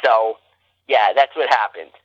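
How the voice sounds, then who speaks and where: A bright, forward man tells a story in a casual podcast chat, and his voice jumps high whenever he acts out what someone said. The close, dry sound is a little dull, like modest podcast audio. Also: unhurried, dry recording. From New Jersey. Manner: animated, acts out quotes with big jumps in pitch. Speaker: podcast guest.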